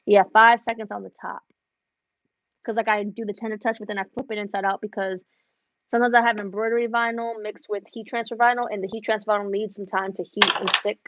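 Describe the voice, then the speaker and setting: A woman's voice: medium pitch, little pitch movement, fast, fairly bright tone, no echo, muffled recording. A middle-aged woman in a home craft studio, chatting casually with viewers on a live stream while she works on embroidery orders. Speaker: embroidery business owner hosting a live stream.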